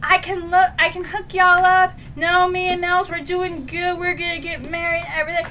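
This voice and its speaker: A cheerful young man, as a woman puts him on while recapping a book, chats breezily, oblivious to the trouble around him. The voice stays high and bright. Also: little pitch movement, moderate pace, distant mic, slight background noise. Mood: breezy. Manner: breezy and casual.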